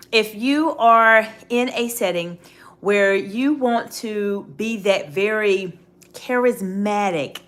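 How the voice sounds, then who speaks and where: A woman's voice: medium pitch, a bit bright. A middle-aged woman coaching viewers on a livestream, emphatic and speaking straight to her audience with frequent questions. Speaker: executive communication coach.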